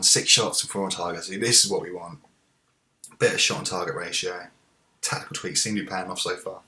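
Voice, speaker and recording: A man hosting a football management game playthrough, talking it through in casual commentary and cheering loudly at goals. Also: sits low. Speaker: let's play host.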